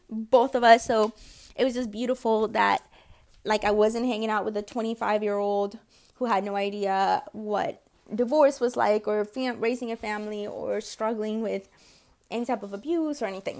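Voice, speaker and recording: With a fairly even intonation, a darkish tone, and a highish pitch, a woman in her forties talks at normal speed on her podcast. The host, also a consultant, chats casually through personal stories, performing quoted voices and swearing casually.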